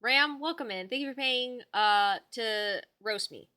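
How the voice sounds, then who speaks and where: A woman streamer talks casually with her chat from home, chatty and affectionate as she fusses over her dog. Her voice is bright and clear, pitched a little high. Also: measured pace. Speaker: livestreamer.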